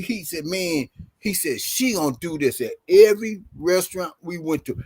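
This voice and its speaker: A man with a notably high speaking voice tells a story in casual podcast chat. He acts out each quoted line as he goes and breaks into laughter along the way. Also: slightly rough. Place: podcast studio.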